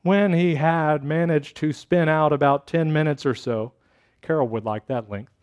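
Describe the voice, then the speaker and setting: A male pastor preaches a sermon in a fairly high voice. He tells his story slowly and dramatically, stretching out key phrases.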